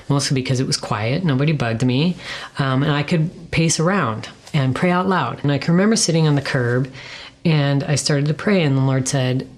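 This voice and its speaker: A middle-aged woman with a deep, slightly mellow voice shares her personal testimony as a guest. Earnest and emotional, she tells it conversationally, acting out her own and others' remembered words, pausing and at times dropping to a whisper.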